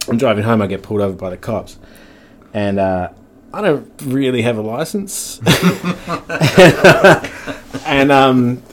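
Laid-back low-voiced New man. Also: a little mellow. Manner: laid-back, swears often, laughs through stories. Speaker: podcast guest. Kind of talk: casual chat. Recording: faint background noise.

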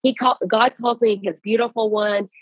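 This woman's voice leans high and moves at a moderate pace, captured in lo-fi sound without any room ambience. She's a guest author speaking casually, earnestly and with animation about writing and releasing her book, often restarting as she goes.

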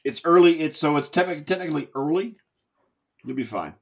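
A man hosting a casual sports podcast, animated and tripping over his own words. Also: fairly high pitch, fairly quick. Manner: animated, repeats words when excited. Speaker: podcast host.

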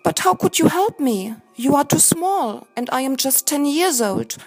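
A woman's voice: high-pitched, animated, a little slow, a little mellow, voice pushed up. A woman voicing a frightened ten-year-old prince in a storybook, pleading in a raised, anxious voice.

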